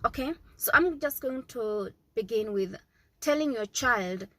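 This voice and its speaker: A mother in her thirties who vlogs about parenting talks casually to camera in a slightly high voice with lively intonation, a somewhat slow pace, and a sharp tone. Her advice is earnest and repetitive, often checking in with "okay?", and the recording quality is low.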